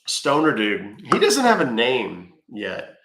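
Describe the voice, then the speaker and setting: A man's voice: mid-range voice, wildly swooping pitch, takes it slowly, fairly bright tone, echoey room. A man hosting a livestream who chats loosely and swears freely. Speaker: livestream host. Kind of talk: casual livestream chat.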